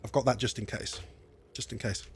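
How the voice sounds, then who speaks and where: A man's voice: mid-range voice, fairly even intonation, a little fast, slight background noise. A young English man streaming live, chatting in a rambling way and laughing often, a bit wheezy from asthma. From England. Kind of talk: casual live-stream chat.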